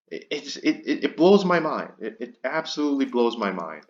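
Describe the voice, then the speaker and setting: A man rants into a dull, lo-fi microphone, his pitch swinging widely as he goes. He stammers and repeats himself in open indignation, like a commentary video made at home. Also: very animated, normal speed, hardly any pauses. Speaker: commentary YouTuber. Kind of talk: ranting commentary.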